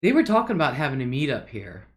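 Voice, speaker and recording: A woman's voice: a bass voice, sing-song, fast talker. Chatty woman hosting a livestream. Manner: chatty, reads viewer comments aloud, laughs often. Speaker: livestream host. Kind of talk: casual livestream chat.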